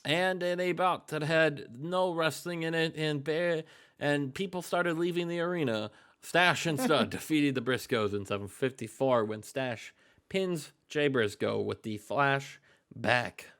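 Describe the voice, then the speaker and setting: A man's voice: on the high side, a little slow, fairly bright tone, smooth. A man casually narrating wrestling game results to a co-host, joking and swearing freely with hype-man flair. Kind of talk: casual gaming commentary.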